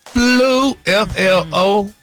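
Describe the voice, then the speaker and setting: A man co-hosting a comedic radio morning show, playful and animated, stumbling over words in a radio studio. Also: high voice, very slow, soft background music.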